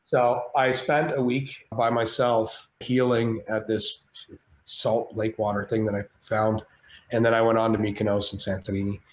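A man guest on a podcast, telling a personal story in casual chat, animated and swearing freely, acting out the voices of others. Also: on the low side, normal speed, a little hiss or hum. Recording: roomy echo with faint ambience.

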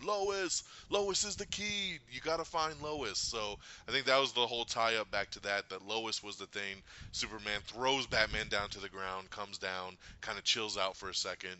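Man, podcast host, very bright tense voice, animated scene retelling, lo-fi dull audio. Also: fairly low pitch, smooth. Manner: animated, retells scenes with laughs and acted quotes. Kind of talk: casual movie review chat.

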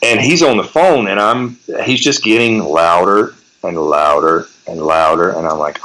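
A man in his forties, a guest in a casual interview, telling animated road stories and swearing freely. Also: lowish voice, unhurried, a little hiss or hum, rough recording. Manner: animated storyteller, swears freely, acts out quotes.

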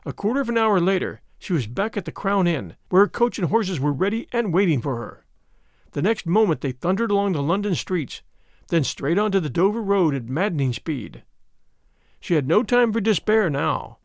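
A man's voice: high-pitched, sing-song, normal speed, dry recording, clean studio sound. A man reading a classic novel aloud as an audiobook narrator. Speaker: audiobook reader. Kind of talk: scripted narration.

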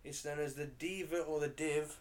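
A man's voice: fairly high pitch, fairly even intonation, moderate pace, distant mic. A man co-hosting a podcast, reading out names one after another in casual banter. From England. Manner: reads out items in list fashion. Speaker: podcast co-host.

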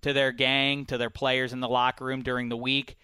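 A man hosting a sports talk show in a bright, clear voice, recorded close and dry. He argues with animated swings in pitch and presses his co-host with pointed questions. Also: brisk, dry recording. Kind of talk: sports radio debate.

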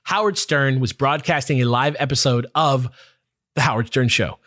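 A man hosting a podcast, telling a story in an animated, casual way with lots of "like". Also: medium pitch, normal speed, no echo, clean studio sound. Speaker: podcast host.

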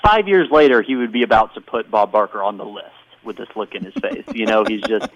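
A man's voice: on the low side, fairly quick. A man hosting a podcast, retelling a story in casual chat with frequent laughs, on a dull, dry recording. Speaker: podcast host.

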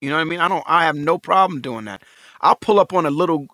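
A man in his forties with a bright, forceful, fairly high voice, chatting casually and swearing freely. He talks animatedly and acts out little quoted exchanges. The sound is close and dry. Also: quick pace, no room sound. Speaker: co-host. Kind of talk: casual podcast chat.

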